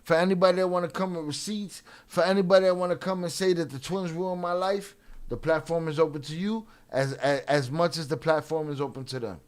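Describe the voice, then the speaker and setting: A man with a fairly high voice hosts a live stream. He talks casually and laughs a lot while hyping up the chat. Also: fairly even intonation, fairly quick. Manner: laughs often, hypes the chat. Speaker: host.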